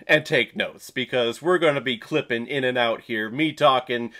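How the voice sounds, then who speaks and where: A man's voice: mid-range voice, moderate pace, pushed and bright. A young man giving a casual, enthusiastic movie review, laughing often.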